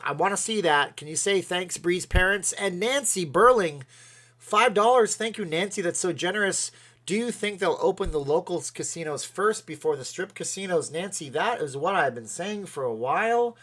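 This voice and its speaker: A man's voice: sits high, lively intonation, brisk, a bit bright. Chatty man hosting a livestream. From Canada. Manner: rambling, chatty, thanks viewers by name, sways while talking. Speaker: livestream host. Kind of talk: casual livestream chat reading viewer comments.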